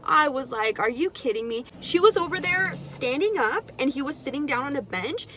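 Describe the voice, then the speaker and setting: Give me a young woman with a high voice doing a candid, swear-heavy storytime vlog. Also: normal speed, a little hiss or hum. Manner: candid, animated and profane storytelling. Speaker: vlogger. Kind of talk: casual storytime.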